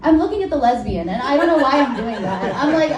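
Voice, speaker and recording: Talking fast in a high, animated voice with a darkish tone, a woman performs a crude, rambling work-in-progress set at a comedy venue, with a faint crowd audible. She's frank and filler-heavy, often breaking off mid-thought and laughing at her own material. The audio is roomy and distant, with faint noise.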